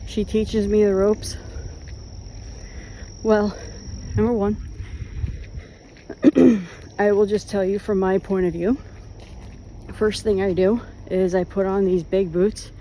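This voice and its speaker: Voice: medium pitch, steady tone, slow, long pauses, mellow, a little hiss or hum. A vlogger telling rambling, self-mocking stories while out on a walk. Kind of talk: casual storytelling on a walk. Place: outdoors, walking.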